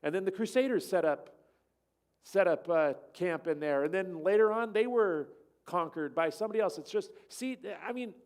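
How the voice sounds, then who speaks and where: A man's voice: high voice, moderate pace, a little mellow. A man at a church, casually telling a travel story over slides in a rambling way and acting out what people said. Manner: rambling, acts out quoted dialogue. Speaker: church speaker.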